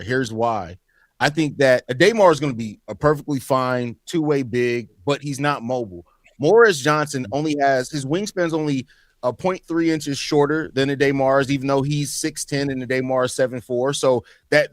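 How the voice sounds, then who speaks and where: A man's voice: medium pitch, no room sound. A man co-hosting a casual podcast roundtable, analytical and teasing. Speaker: podcast co-host.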